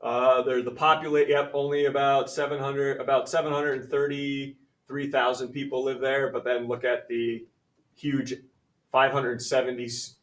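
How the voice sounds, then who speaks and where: A man's voice: mid-range voice, little pitch movement, moderate pace. A male math teacher leading a classroom lesson, talking in a conversational, upbeat way and calling on students by name. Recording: echoey classroom from far off.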